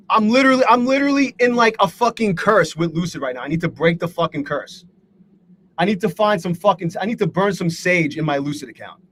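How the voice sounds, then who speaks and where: A man's voice: a little high, a bit bright, a little hiss or hum. A man hosting a live day-trading stream, talking to his chat in a profane, exasperated rant. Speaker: livestream host and day trader.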